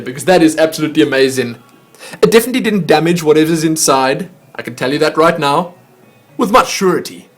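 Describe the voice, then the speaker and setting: A man hosting a vlog, chatting casually and poking fun at himself as he stumbles over foreign words. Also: fairly high pitch. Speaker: vlog host opening fan mail. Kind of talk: casual chat to camera.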